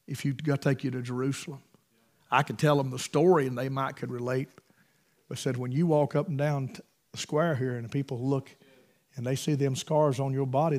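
A man, preaching a sermon through folksy stories, emphatic and swinging between loud bursts and hushed asides. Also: mid-range voice. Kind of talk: storytelling sermon.

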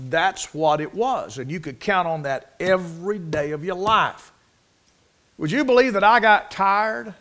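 A middle-aged preacher with a slightly high voice, telling homespun stories from the pulpit. His sermon is folksy and conversational, full of plain rural speech. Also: fairly bright tone.

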